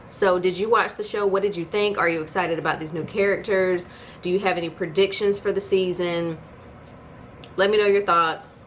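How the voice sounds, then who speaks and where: A woman's voice: medium pitch, slight background noise. A woman giving a casual TV episode recap as a video host, chatty and storytelling, with incredulous asides. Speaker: YouTube TV reviewer.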